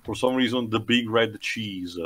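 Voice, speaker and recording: A man's voice: lowish voice, measured pace, fairly bright tone, breathy edge. A young man co-hosting a casual movie commentary, rambling and restarting phrases and laughing often. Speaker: podcast co-host.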